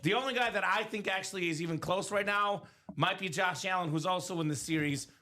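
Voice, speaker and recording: A man hosting a live sports memorabilia break stream from a studio break room, talking in upbeat, energetic sales banter with quick asides. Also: high voice.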